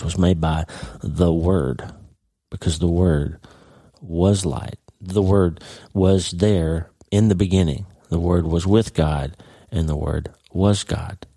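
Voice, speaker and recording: A man from Oklahoma giving earnest devotional Bible teaching on his podcast, slowing down to stress key phrases. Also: low voice, dark tone, no room sound. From Oklahoma, United States. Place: ranch.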